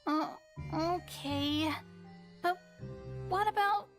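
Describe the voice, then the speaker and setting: A woman's voice: very high voice, drawn-out words, faint music behind, exaggerated voice. A woman voicing a cheerful, teasing teenage girl who is a stage magician, in a fan-made game. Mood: playful. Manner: bubbly, teasing.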